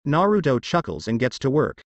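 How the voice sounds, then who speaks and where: A man's voice: medium pitch, big pitch swings, a little fast, no echo, muffled recording. A man reading fan fiction aloud as narrator, stumbling over words now and then.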